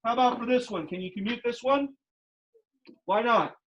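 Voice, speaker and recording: A man with a very high, fairly bright voice teaches math in lecture style at a moderate pace. Emphatic and a little breathless behind his face mask, he repeats his questions to the students. The classroom recording sounds dull and lo-fi.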